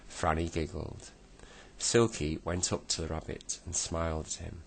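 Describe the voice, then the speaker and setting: A man reading a bedtime story aloud, slow and deliberate. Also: low-pitched, flat delivery, vocal fry.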